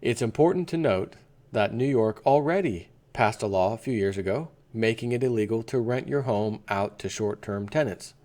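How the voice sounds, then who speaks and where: A man's voice: fairly low pitch, normal speed, a little mellow. A man hosting an opinion commentary vlog, talking in an indignant, rambling rant. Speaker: vlogger host.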